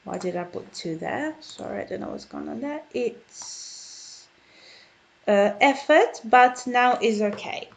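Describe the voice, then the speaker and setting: A woman's voice: a little high, lively intonation, slow, gravelly. A British woman giving an online English grammar lesson in a chatty, friendly teacher's way. She keeps checking in with her viewers while she types out notes as she explains. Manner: chatty, checks in with "okay?" and "guys".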